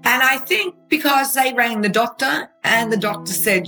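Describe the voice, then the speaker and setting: A woman recounting her own ordeal in animated, emotional testimony, often checking in with "right?". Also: a little high, moderate pace, soft background music, low-quality recording. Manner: animated storytelling, asks listener "right?". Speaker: interviewee telling her own story. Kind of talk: emotional true-crime testimony.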